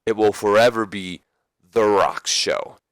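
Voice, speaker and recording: A man putting on the voice of a boastful male wrestling superstar who talks about himself in the third person, taunting loudly, recorded on a close microphone. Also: lowish voice, measured pace, no room sound, close to an everyday voice.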